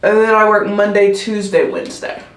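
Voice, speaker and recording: A woman's voice: medium pitch, steady tone, moderate pace. A woman, chatting in a rambling vlog style, full of "like" and "um". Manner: rambling, heavy use of "like" and "um". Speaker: nursing student vlogger. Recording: echoey room.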